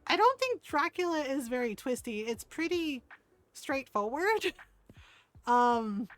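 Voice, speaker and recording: A middle-aged woman chats casually as she streams a game, her voice sitting high and her manner animated. She laughs often as she tells her stories. The sound is dry and close, with no room around it. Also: takes it slowly, no echo. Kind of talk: casual chat while playing a game.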